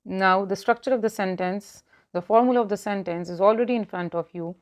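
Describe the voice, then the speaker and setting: A woman explaining English grammar, going through lists of examples in a clear, measured teaching manner. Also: medium pitch. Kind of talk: grammar lesson.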